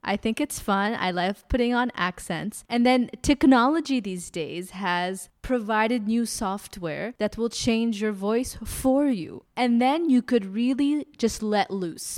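A woman co-hosting a casual chat show, playful, animated and self-mocking. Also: mid-range voice, no echo, studio quality. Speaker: podcast co-host.

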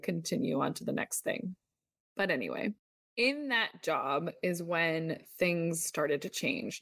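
A woman's voice: on the low side, fairly bright tone, no echo, clean studio sound. A woman in her thirties hosting a podcast, telling her own story in a candid, confessional way with lots of "like.". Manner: candid, confessional, uses "like" often. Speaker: podcast host. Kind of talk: personal storytelling monologue.

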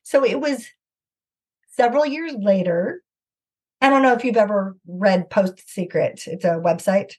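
A middle-aged woman guest recounting a personal story with earnest animation, often slipping into the voices of the people involved. Her voice has a slightly husky, breathy edge. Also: medium pitch, measured pace. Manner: earnest, animated anecdote-telling with acted-out quotes. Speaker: author and guest. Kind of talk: conversational storytelling.

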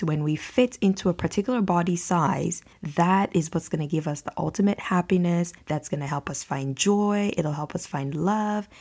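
A woman's voice: lowish voice, a little mellow, slightly rough. A woman hosting a solo podcast, talking in an earnest, conversational and reassuring way. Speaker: podcast host.

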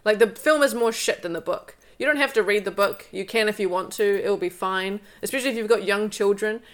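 A woman's voice: medium pitch, fairly quick. A woman co-hosting a podcast, chatting casually and sarcastically, and reading a book aloud. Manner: sarcastic, animated. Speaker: podcast co-host.

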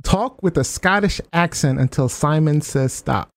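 A man's voice: on the high side, a little slow, creaky, soft background music. A man hosting a party game on a talk show, upbeat and laughing often. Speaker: host.

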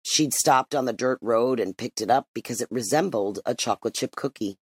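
A narrator reading a literary story aloud in an expressive, measured way. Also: medium pitch, slightly rough. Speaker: audiobook narrator.

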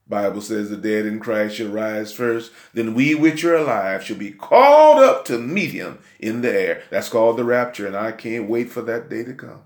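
A man's voice: fairly low pitch, animated, normal speed, hardly any pauses. Emphatic preacher man in an echoey room. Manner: emphatic, rising to shouts, frequent "Huh?". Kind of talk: sermon.

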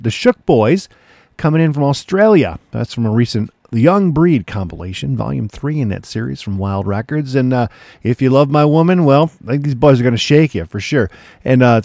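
A man's voice: mid-range voice, gravelly, a little mellow, no room sound. A man hosting a radio show, chatting in a laid-back way and often calling listeners "man". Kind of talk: casual radio DJ chat.

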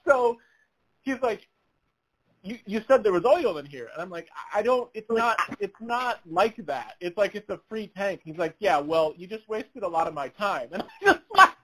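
A podcast co-host with a high-sitting voice tells a funny story at a moderate pace during casual chat, animatedly acting out other people's lines and laughing as he goes. The recording is rough.

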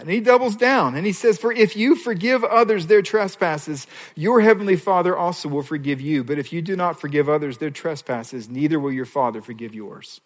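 A man preaches a sermon in a fairly high voice, dropping to hushed pleading and then rising to emphatic, raised lines. His voice carries a long reverb from a large hall. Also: a little fast, hardly any pauses. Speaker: pastor.

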